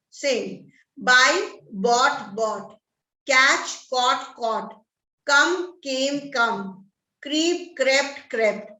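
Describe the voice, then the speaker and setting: A woman teacher with an Indian English accent slowly reciting lists of English verb forms in a drilled manner. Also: high voice, lively intonation, sharp tone. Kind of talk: reading a verb list aloud. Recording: roomy echo, distant mic.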